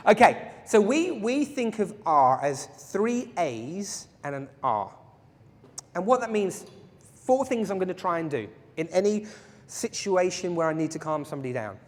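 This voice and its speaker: Very animated yet measured in pace, a high-pitched man lectures a live self-defense workshop in a big, echoing hall full of people. He jokes around playfully and frequently asks the audience questions.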